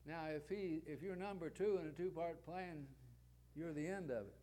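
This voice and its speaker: A man's voice: fairly high pitch, normal speed, dark tone. A man preaching a sermon, building points with rhetorical questions and repeated parallel phrases.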